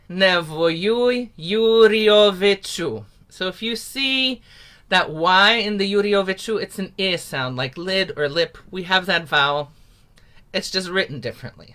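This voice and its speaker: A woman's voice: on the low side, pushed and bright. A woman teaching a folk song in an encouraging, patient and playful way. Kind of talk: leading a sing-along lesson.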